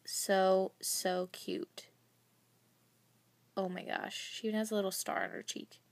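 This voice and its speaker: A young woman vlogger gushing and rambling excitedly as she unboxes gifts. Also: mid-range voice, normal speed. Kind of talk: casual unboxing chat.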